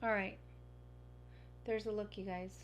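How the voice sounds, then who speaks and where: A woman's voice: medium pitch, flat delivery, unhurried, a little hiss or hum. A woman talking casually through a makeup tutorial, gushing and chatty with lots of fillers. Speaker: beauty vlogger.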